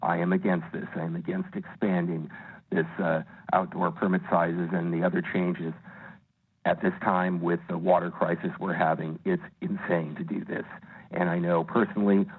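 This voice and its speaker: Deep, flat, husky upset male caller. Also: normal speed. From Northern California. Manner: emphatic and upset, with fillers. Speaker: caller giving public comment. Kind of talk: phoned-in public comment. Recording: tinny phone line.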